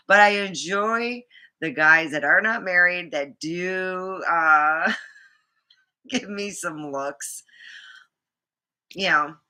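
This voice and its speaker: A woman's voice: sits low, bright, forceful tone. A middle-aged woman vlogger telling a rambling dating story, full of fillers and restarts. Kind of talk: casual storytime monologue.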